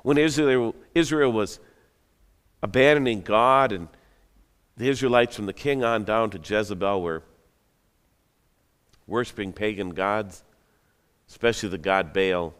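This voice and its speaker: A man's voice: lowish voice, a little slow, pauses often, fairly bright tone, clear, resonant tone. A man preaching a sermon, retelling a story in a conversational, dramatic way with joking asides. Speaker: pastor. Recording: long hall reverb.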